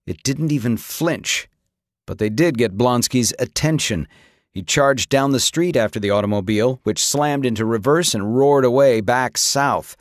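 A man reading an audiobook with dramatic, expressive narration. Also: medium pitch, no echo, clean studio sound. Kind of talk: scripted narration.

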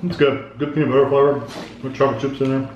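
Quick-talking man with short reactions. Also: medium pitch, flat delivery, a little mellow, echoey room, dull audio, slight background noise. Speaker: co-host in a taste test. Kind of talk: casual taste-test chat.

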